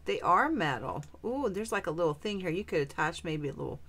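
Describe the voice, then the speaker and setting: A woman's voice: lowish voice, lively intonation, fairly quick, fairly bright tone. A woman vlogger chatting casually as she opens a craft supply swap, gushing with delighted exclamations over each item. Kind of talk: casual unboxing chat.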